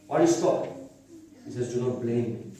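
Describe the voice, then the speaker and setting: A man preaching a devotional sermon, telling the story quietly and then rising into wailing, half-sung lament. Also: medium pitch, lively intonation, normal speed. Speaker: speaker at a mourning gathering. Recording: echoey hall, voice from far off mic.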